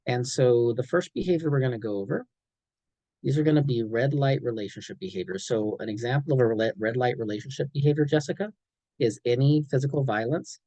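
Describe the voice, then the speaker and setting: A man giving a clinical training presentation in an animated way, checking in often and acting out examples. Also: mid-range voice, a little fast, no echo, poor audio. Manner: animated, frequent "okay?" check-ins, acts out examples.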